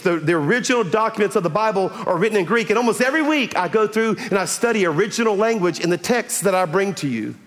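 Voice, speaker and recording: High-voiced pastor preaching in a hall. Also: male voice. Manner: animated, folksy, chatty with the audience. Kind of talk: sermon.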